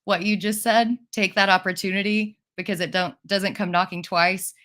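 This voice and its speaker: A woman's voice: medium pitch, fairly even intonation, moderate pace, fairly bright tone. A woman hosting an interview, asking questions and responding with encouraging enthusiasm. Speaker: interview host. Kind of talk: casual interview.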